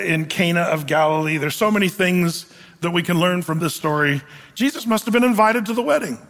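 Male pastor with a high voice, lively, humorous preaching, recorded in a church sanctuary with long reverb. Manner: conversational, animated preaching with humor. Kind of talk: sermon.

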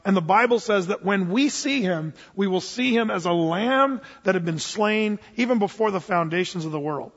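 Husky-voiced preacher in a reverberant hall. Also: male voice, high-pitched, animated, moderate pace, few pauses. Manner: storytelling, acts out both sides of a dialogue. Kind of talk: sermon. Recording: dull lo-fi sound with long hall reverb.

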